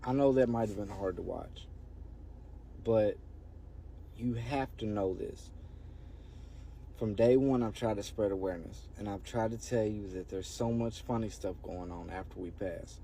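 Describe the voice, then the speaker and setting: A man speaks earnestly to his viewers, urging them on. His voice is lowish and very dark, with faint background noise. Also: measured pace, creaky. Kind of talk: earnest direct-to-camera message.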